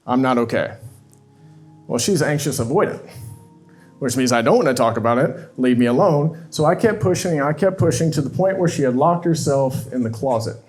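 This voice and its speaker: A man speaks from a stage, telling a raw personal story in a confessional, emotional way. His pitch sits in a middle range, and he voices the remembered dialogue himself. Faint music plays underneath. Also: a little mellow. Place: stage at a live talk event.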